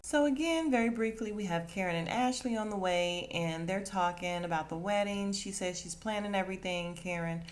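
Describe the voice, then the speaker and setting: A woman's voice: mid-range voice, normal speed, hardly any pauses. A woman hosting a podcast who recaps a reality show in a casual, gossipy way, laughs often and acts out the quotes. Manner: acts out quotes in put-on voices. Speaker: podcast host.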